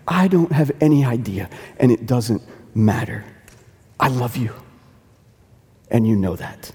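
A man's voice: mid-range voice, lively intonation, measured pace, pauses often, a little mellow, husky, big-room sound. A man preaching a sermon as pastor, earnest, repeating phrases for emphasis and lifting into quoted dialogue.

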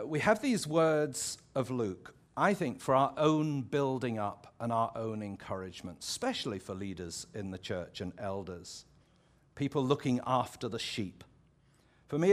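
An English pastor delivers a sermon in a relaxed, conversational manner. His voice sits at an ordinary middle pitch, and he thinks aloud with asides and restarts. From England.

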